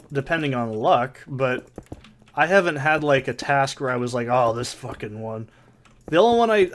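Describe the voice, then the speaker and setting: A man riffing over a let's play in a loose, rambling way, swearing freely and breaking into mock rants. His voice sits at an ordinary male pitch, close on a desk condenser mic in a soundproofed home corner. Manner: rambling, profane, mock-ranting. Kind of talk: casual gameplay commentary. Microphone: desk condenser mic with pop filter.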